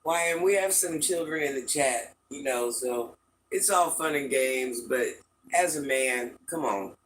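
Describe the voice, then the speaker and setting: A woman's voice: very deep voice, unhurried, slight background noise, rough recording. An older woman hosting a casual livestream from home, chatting with viewers and greeting them with pet names. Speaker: livestream host.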